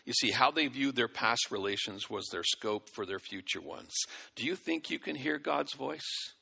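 A man's voice: medium pitch, normal speed, creaky, bright, forceful tone, husky. A male preacher giving a sermon, exhorting and folksy, with acted-out asides, in a church hall. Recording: long hall reverb.

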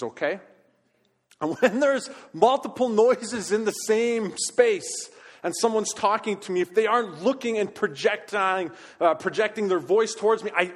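High-voiced pastor in a reverberant sanctuary. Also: male voice. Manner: animated storytelling, hollering when quoting himself. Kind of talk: sermon. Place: church sanctuary. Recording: long reverb of a church hall.

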